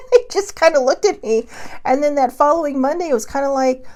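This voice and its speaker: A woman's voice: high-pitched, lively intonation, a little fast, darkish tone. A woman hosting her own show, talking casually and rambling, often laughing as she goes. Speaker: host. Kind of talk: casual talk show monologue.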